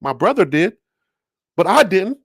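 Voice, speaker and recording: A man from Liberia gives animated, theatrical sports commentary in a high voice that swoops constantly. He acts out the plays as he talks. The sound is close and dry, with no room echo. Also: measured pace, creaky, breathy edge.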